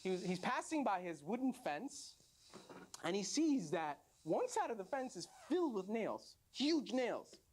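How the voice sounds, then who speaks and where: An animated man lectures a live audience in a chatty storytelling manner, his voice sitting fairly high for a man. He laughs easily and talks in a relaxed, conversational way. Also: a little slow. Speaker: rabbi lecturing youth.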